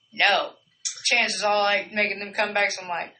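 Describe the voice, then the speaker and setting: A woman from Arkansas, hosting a casual family chat and joking loudly. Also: mid-range voice, fairly even intonation, moderate pace, poor audio. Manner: loud, joking, swears freely. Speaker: podcast host.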